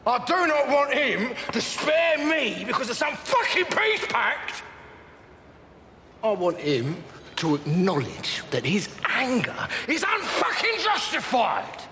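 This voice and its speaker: A man's voice: extremely high pitch, huge pitch swings, slow pace, sharp tone, a little hiss or hum, exaggerated voice. An actor playing a volatile, profane middle-aged male gangster with a rambling, erratic way of talking. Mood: ranting. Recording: film audio with hall reverb.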